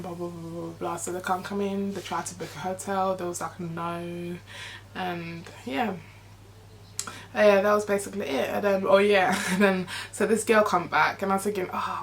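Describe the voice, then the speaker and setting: A woman's voice: fairly low pitch, a little hiss or hum. A young woman, telling a rambling storytime vlog full of "like". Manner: rambling, animated storytelling with frequent "like". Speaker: vlogger.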